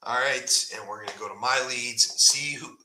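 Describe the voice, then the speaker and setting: A man's voice: mid-range voice, normal speed, pushed and bright, roomy sound, slight background noise, low-quality recording. A man hosting a casual live stream, talking bluntly and often tagging "right?" onto his points. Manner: blunt, conversational, fillers like "right?".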